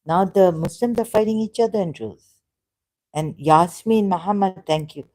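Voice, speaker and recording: A woman's voice: fairly low pitch, moderate pace, mellow, rough recording. A woman on a live stream giving rambling, impassioned commentary, repeating herself and firing rhetorical questions at her viewers.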